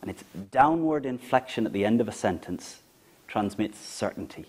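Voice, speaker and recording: A man coaching public speaking, lecturing emphatically with deliberate pauses and demonstrating vowels and inflection. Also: fairly low pitch, lively intonation, darkish tone, slightly rough.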